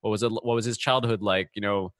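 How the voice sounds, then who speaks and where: A man's voice: lowish voice, steady tone, quick pace, a bit bright, dry recording, clean studio sound. A man hosting a podcast, talking casually and rambling with many restarts and fillers. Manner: rambling, full of restarts and "you know". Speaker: podcast host.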